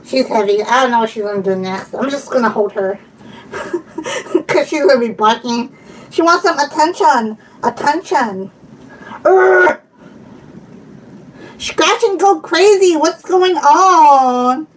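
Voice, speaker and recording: A woman's voice: sits high, animated, takes it slowly, pauses often. A woman hosting a casual live stream from home, giggling a lot and chatting to her viewers and her dog. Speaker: channel host. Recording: from a bit far off the mic, faint room noise.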